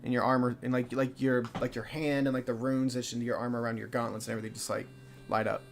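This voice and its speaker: A man's voice: mid-range voice, flat delivery, quick pace, creaky. A young man narrating as game master in a live tabletop game, rambling loosely with lots of fillers.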